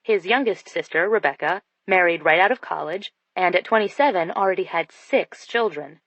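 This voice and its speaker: A woman's voice: on the low side, moderate pace, fairly bright tone, no room sound. A woman narrating a first-person romance audiobook in an intimate storytelling manner. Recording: dull dry studio sound.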